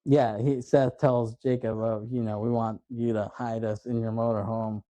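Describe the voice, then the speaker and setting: A man's voice: mid-range voice, flat delivery, moderate pace, dark tone, no echo. A man hosting a podcast, casually retelling movie scenes and acting out the lines with frequent laughs. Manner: retells scenes in quoted voices, laughs often. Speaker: podcast host. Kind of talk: casual chat recapping a film.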